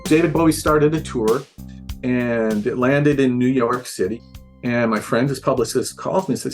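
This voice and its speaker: A man, a guest on a podcast, telling a relaxed anecdote and acting out the voices of the people in it. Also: mid-range voice, moderate pace, soft background music. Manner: relaxed storyteller, acts out quoted voices. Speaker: interviewed guest telling a story. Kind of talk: casual anecdote.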